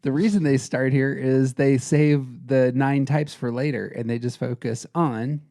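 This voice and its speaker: A man co-hosting a podcast, talking in an earnest, relaxed conversational way. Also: medium pitch, measured pace. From Colorado. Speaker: podcast co-host. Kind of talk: casual podcast chat.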